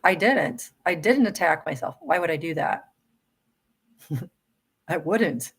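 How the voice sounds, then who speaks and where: A woman's voice: low voice, animated, slow, breathy edge. A middle-aged woman hosting a live spiritual question-and-answer talk, earnest and emphatic, often restarting her sentences. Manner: earnest and emphatic, with laughs and self-corrections. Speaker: spiritual livestream host.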